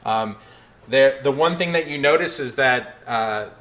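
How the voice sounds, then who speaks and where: A man narrating a tabletop game as game master, hesitant with many pauses and restarts. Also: medium pitch, fairly bright tone.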